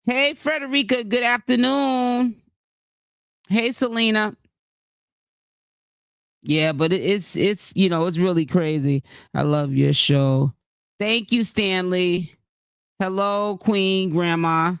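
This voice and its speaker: A casual live-stream commentator talks at a middle pitch, rambling through points with plenty of fillers and restarts. The host keeps breaking off to thank and greet viewers by name from the chat. The sound is close and dry, with no room around it. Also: takes it slowly, pauses often, clean tone, dry recording.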